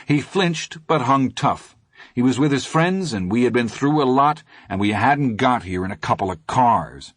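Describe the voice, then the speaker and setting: Reading an audiobook at a medium pitch, a man keeps his delivery steady and measured. The sound is clean studio quality with no room sound.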